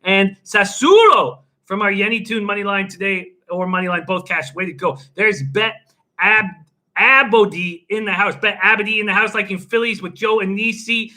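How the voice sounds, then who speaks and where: A man hosting a sports betting live stream from home, energetically reading out chat shout-outs. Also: high voice, normal speed. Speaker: sports betting show host.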